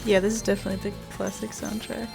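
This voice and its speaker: Giggly gravelly-voiced woman streamer. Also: medium pitch, flat delivery, fast talker. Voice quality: chatty, giggly, easily startled. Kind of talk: casual gameplay chat. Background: faint game music.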